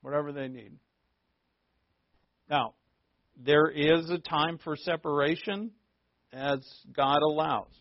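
Bible class teacher, man, conversational and repetitive, somewhat high-pitched, muffled close recording. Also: slow pace, pauses often, no echo. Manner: conversational, repetitive emphasis, frequent fillers. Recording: dull, dry, lo-fi recording.

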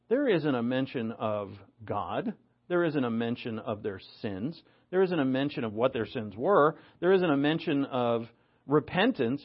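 A man preaching a sermon, animated, moving between loud emphasis and low asides. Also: moderate pace, lo-fi sound.

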